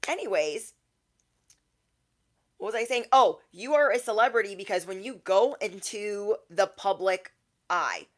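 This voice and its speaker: A woman's voice: mid-range voice, lively intonation, a little slow, long pauses. A young adult woman, a tarot reader, talking casually on a livestream and acting out quoted people in shifting voices.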